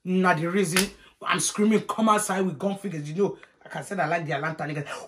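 A young woman, telling a story casually in a vlog, animated and profane, acting out the people in it. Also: lowish voice, fairly quick. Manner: animated, profane, acts out every character. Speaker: vlogger.

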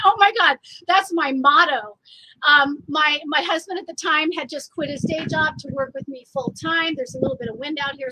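A woman's voice: high voice, sharp tone, no room sound, low-quality recording. A woman artist hosting a casual live stream outdoors, bubbly and laughing often. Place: outdoors, a little windy.

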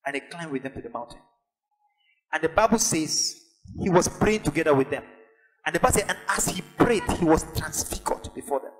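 A pastor preaching a sermon, building to emphatic, repeated lines. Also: male voice, fairly high pitch, animated, brisk, poor audio. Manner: preaches with rising intensity and emphatic repetition.

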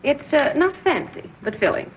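Brief: a bright, comforting pal, lively lilt, old radio. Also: female voice, sits high, moderate pace. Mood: chirpy. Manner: chirpy and comforting. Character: chirpy, kind-hearted young woman. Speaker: cheerful companion. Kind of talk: 1930s radio drama acting. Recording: hissy, muffled 1930s radio recording.

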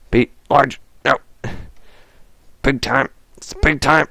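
A man's voice: mid-range voice, steady tone, slow pace, vocal fry, pushed and bright, no room sound. A man giving goofy let's-play commentary, talking to the game character and repeating his own jokes. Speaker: gaming video host.

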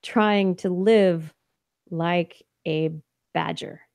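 A woman's voice: on the low side, steady tone, very slow, creaky, a little mellow, clean tone, dry recording. A tired woman hosting a podcast, rambling casually in an after-show chat and dropping now and then into half-whispers. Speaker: podcast host.

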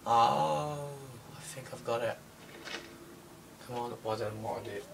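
A young gaming video creator gives casual commentary on the game he's playing, muttering and grumbling without enthusiasm. His medium-pitched voice is unhurried, with vocal fry. The mic is distant, with music behind him and a noisy background.

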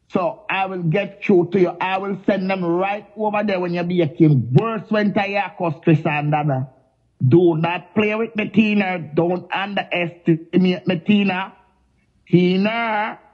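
A Jamaican woman goes off in a heated, confrontational rant, taunting and hammering the same name over and over. The audio is a bit muffled and lo-fi. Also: medium pitch. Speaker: social media personality. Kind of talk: angry live-stream rant.

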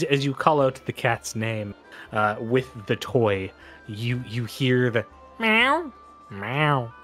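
A man's voice: mid-range voice, fairly bright tone. A man narrating a tabletop game as game master, with loose, filler-heavy description and playful detail.

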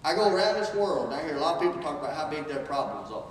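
A man's voice: fairly high pitch, big pitch swings, rapid-fire, slight background noise. A man giving an inspirational speech, preaching with call and response that rises to emphatic peaks. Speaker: motivational speaker. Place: large hall. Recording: echoey hall from far off.

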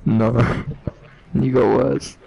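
A man's voice: mid-range voice, fairly even intonation, very slow, creaky, mellow, slightly rough, rough recording. A man in online gaming voice chat, teasing and bantering with his friends. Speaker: gamer in voice chat.

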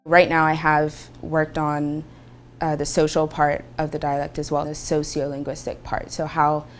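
A young woman from Bermuda, explaining her research in a measured way in a documentary interview. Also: deep voice, completely flat delivery. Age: young adult.

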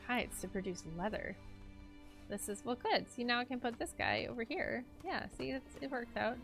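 A woman's voice: on the high side, moderate pace, vocal fry, a bit bright. A young woman streaming a game, chatting playfully with her viewers and herself as she plays. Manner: chatty, playful, talks to herself and chat while playing. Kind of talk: casual game-stream chat. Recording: faint music behind.

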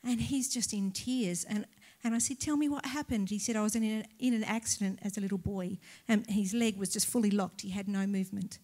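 Animated Australian woman pastor storytelling. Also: mid-range voice, brisk, hardly any pauses. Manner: animated storyteller, acts out dialogue, laughs often. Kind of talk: live church testimony storytelling.

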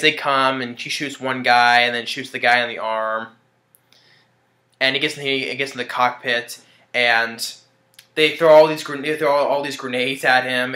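Bright-voiced man rambling a movie review. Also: mid-range voice. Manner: rambling, hesitant, with many restarts and chuckles. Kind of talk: casual spoken movie review. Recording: roomy echo.

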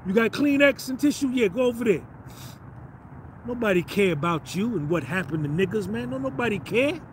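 A man's voice: sits high, expressive, brisk, a little hiss or hum. A man hosting a podcast, delivering a blunt, confrontational, slangy rant. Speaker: podcast host. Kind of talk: ranting monologue.

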